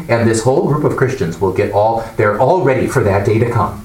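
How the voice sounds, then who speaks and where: A man teaching a Bible class, explaining and asking the class questions in an animated way. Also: fairly low pitch, fairly quick, hardly any pauses. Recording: echoey room, mic far off, faint noise.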